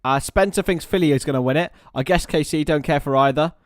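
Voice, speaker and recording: A man's voice: on the high side, fast, dry recording, studio quality. A young man hosting a casual live stream, rambling, joking about himself and reading out viewer comments. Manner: chatty, rambling, self-mocking, reads chat aloud. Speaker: livestream host. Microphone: webcam or computer mic.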